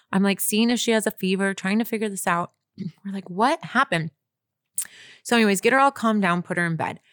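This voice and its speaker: A woman's voice: medium pitch, no echo, studio quality. A young woman co-hosting a podcast, telling a story in casual chat with lots of fillers and acted-out reactions. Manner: animated, lots of fillers, acts out her own reactions. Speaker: podcast co-host.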